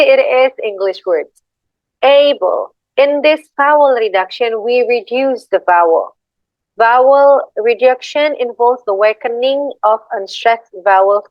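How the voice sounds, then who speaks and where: A woman's voice: on the high side, no echo. A young woman with an Indonesian accent giving a class presentation, hesitant and apologetic, reading slides and repeating example words. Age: young adult. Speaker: student presenter. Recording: dull lo-fi dry recording.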